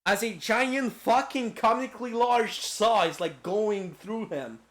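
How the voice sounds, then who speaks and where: A man's voice: high-pitched, measured pace, a bit bright. A man streaming a casual lecture-style game recap, rambling and profane with lots of filler words.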